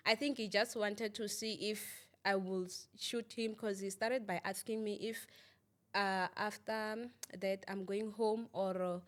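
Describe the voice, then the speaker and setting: A young woman talks through a painful story as an interview guest. She is halting and repeats herself, with plenty of fillers. She often stops to ask whether the listener understands. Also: medium pitch, steady tone, fairly bright tone. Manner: asks "you understand?" often. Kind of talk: emotional personal testimony.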